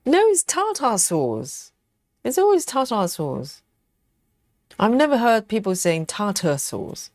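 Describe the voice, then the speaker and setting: A woman's voice: on the high side, huge pitch swings, unhurried, long pauses, darkish tone, no echo, clean studio sound. A woman hosting a live stream, chatting casually and reading viewer comments aloud, teasing them playfully and laughing often.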